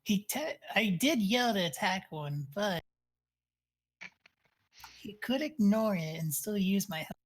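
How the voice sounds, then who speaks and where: A woman's voice: medium pitch, animated, takes it slowly, long pauses. A woman playing a tabletop game, announcing her character's actions in a playful, casual way. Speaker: player.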